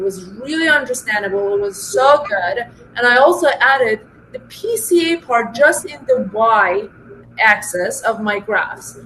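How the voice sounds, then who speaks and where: High-voiced woman telling animated work stories. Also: slight background noise, low-quality recording. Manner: animated storytelling, many fillers and restarts. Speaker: data scientist guest. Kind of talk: casual interview conversation.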